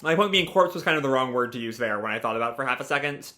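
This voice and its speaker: A man's voice: medium pitch, animated, rapid-fire, pushed and bright. A young man casually reading a manga aloud and reacting, rambling with many fillers.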